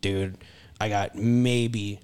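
A man's voice: fairly low pitch, fairly even intonation, extremely slow, a little mellow, clear, resonant tone. A young man co-hosting a podcast, telling a rambling, profane story in casual chat. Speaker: podcast co-host.

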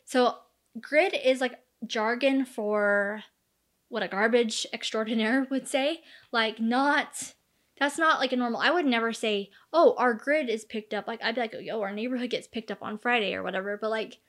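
A woman's voice: a little high, normal speed, a bit bright. A woman in her thirties casually recounting a true crime case, chatty and full of fillers, acting out the quoted lines. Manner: chatty, many fillers, acts out quoted dialogue.

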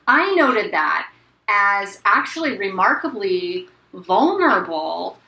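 A woman's voice: mid-range voice, moderate pace, echoey room, over music, low-quality recording. A woman co-hosting a casual book discussion, reflective and hesitant at times. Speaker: podcast co-host.

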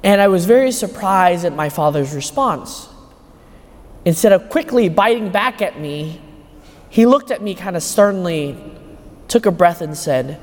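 A man with a high voice preaches a homily. He drives his points home with rhetorical questions, and his voice rings with the long reverb of a large church. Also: expressive, a little slow. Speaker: homilist at Mass. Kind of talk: sermon. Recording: echoey church hall.

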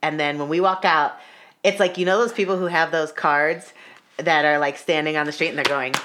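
A young woman tells a story in loose casual chat. Her voice sits a little low, and she keeps dropping in "like" and acting out what people said. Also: steady tone, brisk, a bit bright. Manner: chatty, fillers of "like", acts out quotes.

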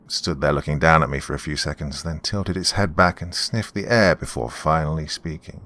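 Man, very low voice, measured grim horror narration, first-person story. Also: a bit bright.

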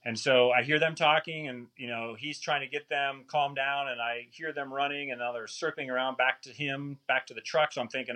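Bright-voiced man telling a story. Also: medium pitch, brisk, few pauses. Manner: animated, rambling, self-mocking. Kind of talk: casual storytelling.

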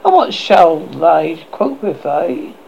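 Guy doing a gravelly old witch, stern and theatrical, pitch swinging all over, muffled lo-fi sound. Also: very animated, slow pace, darkish tone, a little hiss or hum, exaggerated voice. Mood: doting. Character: grim scheming old female witch. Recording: muffled lo-fi recording.

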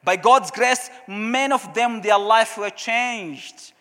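High, bright-voiced preacher with a Portuguese accent. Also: male voice, takes it slowly. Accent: Portuguese-speaking African. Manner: storytelling, animated, acts out his own past questions. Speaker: pastor. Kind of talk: sermon. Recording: long hall reverb.

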